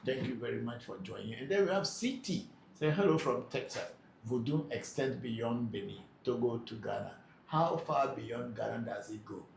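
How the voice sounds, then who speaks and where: A man's voice: medium pitch, lively intonation, normal speed, creaky. A man hosting a live question-and-answer session, reading out viewers' comments and explaining patiently with many hesitations. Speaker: spiritual teacher hosting a live Q&A. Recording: echoey room with faint background noise.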